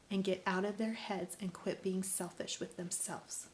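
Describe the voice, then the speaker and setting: A middle-aged woman speaking in an earnest, preachy vlog monologue. Her voice is mid-pitched, and she often sinks into a hushed whisper for emphasis before pushing back up to full voice. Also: fairly even intonation, measured pace, hardly any pauses. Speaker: vlogger, mother. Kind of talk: emotional personal vlog monologue.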